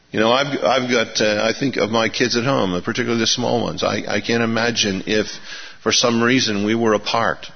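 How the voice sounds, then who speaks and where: A man's voice: mid-range voice, creaky, husky. Man, preacher, folksy sermon, rhetorical questions, long hall reverb, dull lo-fi recording.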